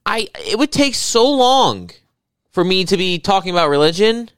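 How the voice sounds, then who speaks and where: A young man co-hosting a casual comedy podcast, rambling and swearing as he riffs with rising excitement. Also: sits high, normal speed, clean tone, no echo. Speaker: podcast co-host.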